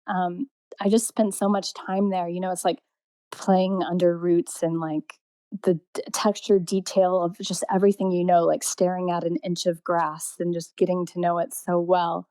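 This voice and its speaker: Woman artist, casual storytelling, mellow tone, dry close mic. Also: fairly low pitch, flat delivery, moderate pace, clear, resonant tone, no echo. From Indiana, USA. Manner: rambling, full of "like" and restarts, laughs often. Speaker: artist interviewee.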